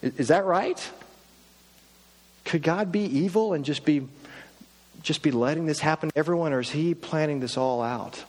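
A man's voice: a little high, moderate pace, pauses often, a little mellow. A male pastor delivering a sermon, asking one rhetorical question after another with rising emphasis. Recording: long hall reverb.

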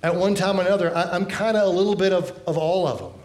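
A man preaching a sermon with earnest delivery, often dropping low and soft at the ends of phrases. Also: fast, echoey room. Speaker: pastor.

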